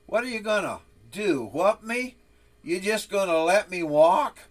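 A man's voice: high voice, animated, measured pace, voice pushed up. A man voicing a rebellious young boy who sneers and later begs tearfully. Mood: taunting. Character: defiant young boy, rebellious then sobbing.

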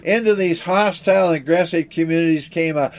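Earnest preacher man, slightly high voice. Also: darkish tone. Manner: earnest, measured, rhetorical questions. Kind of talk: sermon.

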